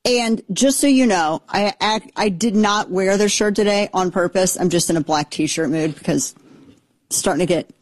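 A woman's voice: medium pitch, moderate pace, dry recording. A woman in her thirties hosting a talk show, giving casual political commentary with rambling asides and blunt sarcasm. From Texas.

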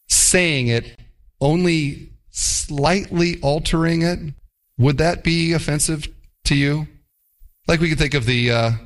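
A man delivers a sermon with an emphatic, animated delivery. His voice sits a little high for a man and swoops widely as he acts out short mock quotes. He preaches to his congregation. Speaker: pastor.

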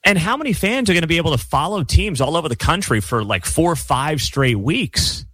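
A man's voice: on the high side, animated, brisk, fairly bright tone, breathy edge, no room sound. A man hosting his own sports commentary show, ranting emphatically with a sarcastic edge. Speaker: sports talk host. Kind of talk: opinionated solo commentary.

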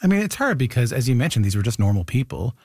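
A man's voice: mid-range voice, very animated, fast talker, creaky, a little mellow, clean studio sound. A man hosting a radio interview, asking probing questions and echoing his guest's words back. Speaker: radio host.

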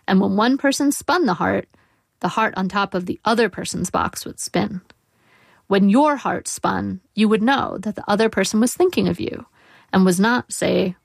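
Woman author in her forties, gravelly, measured and wry first-person essay reading. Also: medium pitch, no room sound.

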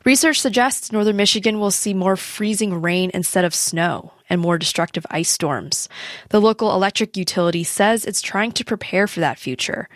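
A woman reporting a public radio news story in a measured, clear voice. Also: mid-range voice, no echo, studio quality.

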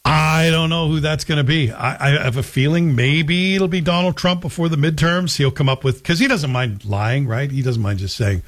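A man's voice: on the high side, normal speed, few pauses. A man hosting a radio talk show, delivering a sardonic, joking opinion monologue. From Scotland. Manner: sardonic, joking, slips into a Scottish voice for anecdotes.

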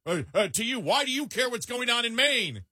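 A man mimicking a scornful online commenter in a high, mocking voice. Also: big pitch swings, a little fast, bright, forceful tone, husky, dry recording, clean studio sound, heavily acted. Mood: indignant.

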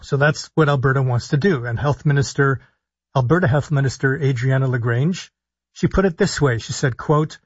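A man, a physician hosting a call-in radio health talk show, speaking deliberately and stressing his points as he lists things one by one. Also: mid-range voice, husky, no echo. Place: radio studio. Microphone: studio broadcast mic. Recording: dull lo-fi radio sound.

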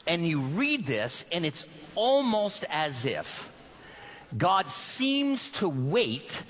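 Animated preacher man in an echoing hall. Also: fairly high pitch, extremely slow. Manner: animated, acts out voices of biblical figures. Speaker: pastor. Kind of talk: sermon. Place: church sanctuary. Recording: reverberant hall.

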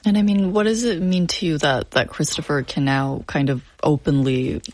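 Husky-voiced woman interviewer. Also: low-pitched, fairly even intonation, normal speed, dry recording. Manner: gentle, supportive prompts and short backchannels. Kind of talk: interview questions.

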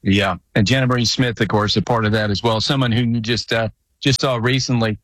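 A man's voice: mid-range voice, fairly even intonation, a little fast, a bit bright, dry recording. A man hosting a casual sports chat, telling stories with frequent restarts. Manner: conversational, frequent restarts, storytelling. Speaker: podcast host.

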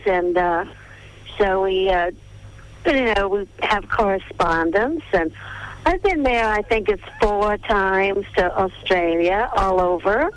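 An older woman who grew up in Texas, a veteran film star reminiscing in a radio interview over the phone, listing names at an unhurried pace. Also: mid-range voice. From Texas, USA. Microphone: telephone. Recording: tinny phone line, radio broadcast.

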